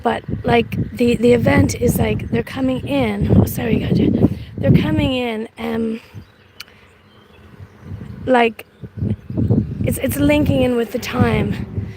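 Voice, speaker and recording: Woman streamer, high voice, halting rambly chat, recorded on a phone outside with heavy wind noise. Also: steady tone. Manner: rambling and halting, full of restarts. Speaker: livestreamer. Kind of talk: casual live-stream chat. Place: outdoors on a windy street. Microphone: phone livestream, audio only. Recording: loud wind and street noise.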